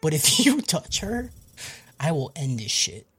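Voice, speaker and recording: A man voicing a hot-headed teenage boy sorcerer from an anime, growling low threats to protect a friend. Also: very fast, natural voice. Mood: threatening.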